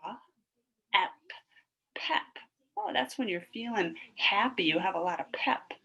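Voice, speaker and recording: A woman's voice: medium pitch, animated, normal speed, gravelly, bright, forceful tone, dull audio. A woman teaching a recorded phonics lesson to first graders, encouraging and sounding out each syllable.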